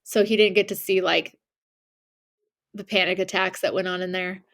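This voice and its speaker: Co-hosting a podcast, a young woman tells a story in casual chat, her voice on the low side at a normal speed. She animatedly acts out the people involved, quoting their voices and laughing.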